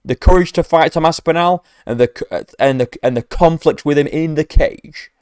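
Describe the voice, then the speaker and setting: A man's voice: on the high side, normal speed, a little mellow, clear, resonant tone, no echo, clean studio sound. A man giving profane, mocking reaction commentary as an MMA commentator, ranting sarcastically.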